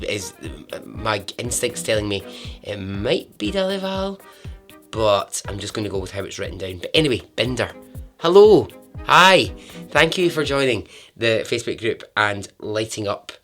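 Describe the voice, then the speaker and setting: A man's voice: fairly low pitch, fairly bright tone. A man hosting a podcast, talking in a friendly, rambling way, laughing often and drifting into asides. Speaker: podcast host. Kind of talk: casual podcast chat.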